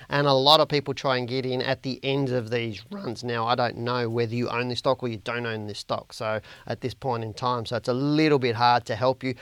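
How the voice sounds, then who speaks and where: A man's voice: medium pitch, a bit bright, smooth, dry recording. Blunt, chatty Australian man. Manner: chatty and blunt, repeats words for emphasis. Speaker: podcast host and share trading educator. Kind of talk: casual chart commentary answering viewer questions.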